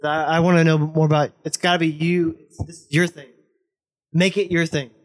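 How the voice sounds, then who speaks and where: A man's voice: fairly high pitch, level tone, brisk. A young man in casual chat on a podcast, blunt and pushy, swearing freely as he argues his point. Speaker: podcast guest, host's best friend.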